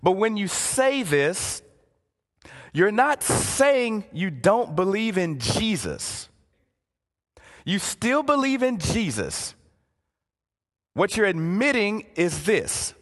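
A male pastor preaching with a high, lively, swooping voice and unhurried pace. He turns dramatic and sinks to near-hushed words for emphasis. His voice rings with the long reverb of a large church hall. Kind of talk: sermon. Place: church sanctuary.

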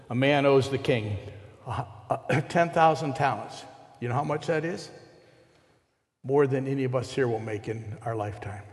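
A man preaching a sermon to a congregation, retelling a parable and putting rhetorical questions to his listeners. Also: medium pitch. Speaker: pastor. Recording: long hall reverb.

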